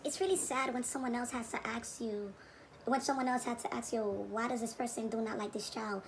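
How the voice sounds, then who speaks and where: A woman's voice: on the high side, steady tone, a little fast, slight background noise, low-quality recording. A woman hosting a reaction video, giving preachy commentary and repeating her points for emphasis.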